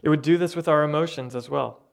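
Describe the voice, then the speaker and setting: A man preaching a sermon with earnest, conversational delivery and thoughtful pauses. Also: fairly high pitch, vocal fry. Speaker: pastor.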